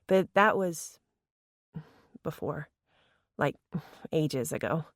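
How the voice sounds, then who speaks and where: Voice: medium pitch, animated, very slow, fairly bright tone, no room sound, clean studio sound, full character voice. A narrator voicing a teasing teenage girl in an audiobook. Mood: correcting.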